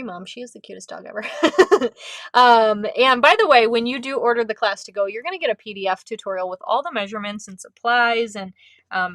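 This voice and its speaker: A woman's voice: medium pitch, a bit bright, dry recording, studio quality. Chatty woman teaching a craft class. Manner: chatty, giggly, upbeat. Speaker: craft instructor. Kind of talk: live card-making class.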